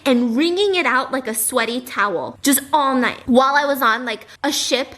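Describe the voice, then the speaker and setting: A young woman hosting her channel, telling a story in a casual, animated and dramatic way and often breaking into laughter. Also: high voice, normal speed. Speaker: YouTuber host.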